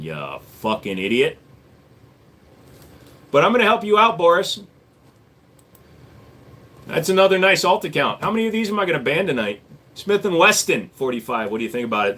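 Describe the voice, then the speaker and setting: A man's voice: a little high, a bit bright. A man in his forties, born in Korea, hosting a casual live stream and answering chat questions in a blunt, sarcastic way. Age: 40s. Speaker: livestream host.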